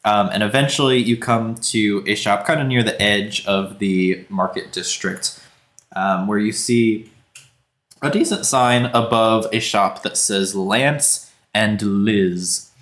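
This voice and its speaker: Man, game master, tabletop narration, relaxed, low voice, echoey room. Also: slow. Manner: relaxed, joking, many fillers.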